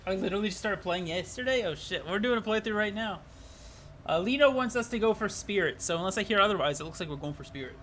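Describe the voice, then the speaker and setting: A man's voice: sits high, lively intonation, quick pace, fairly bright tone, slight background noise. A man streaming a game live, chatting casually with his viewers, rambling and swearing freely.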